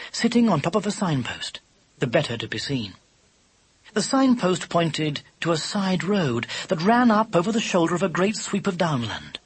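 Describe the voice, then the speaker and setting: Male storyteller, husky tone, lively swinging delivery. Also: a little high. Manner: expressive storytelling. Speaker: narrator. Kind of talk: audiobook narration.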